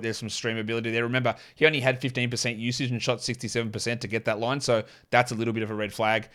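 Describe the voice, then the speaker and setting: A man with an Australian accent hosting a fantasy basketball podcast, talking through rotations and stats in quick, rambling analysis full of restarts. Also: medium pitch, fairly bright tone, smooth. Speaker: podcast host.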